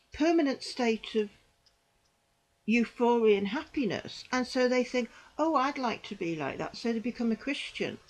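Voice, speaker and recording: In a low-quality recording, an older British woman, once a psychiatric nurse and now a vlogger, addresses her camera earnestly in a personal commentary monologue. Her voice is a little high; she rambles with frequent restarts and sounds unwell and in pain.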